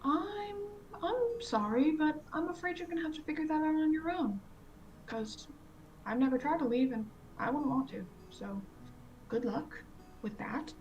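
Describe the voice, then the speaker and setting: A woman voicing an older male elf food vendor who speaks plainly and calmly, without any accent. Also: high-pitched, normal speed, muffled recording, faint music behind, pitched above the performer's own voice, close to an everyday voice. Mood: easygoing. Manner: plain, casual, no accent, mildly amused.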